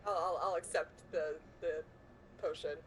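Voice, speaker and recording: A woman's voice: low voice, steady tone, normal speed, a little hiss or hum, rough recording. A woman playing a tabletop game, speaking hesitantly and apologetically with stammered restarts. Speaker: player.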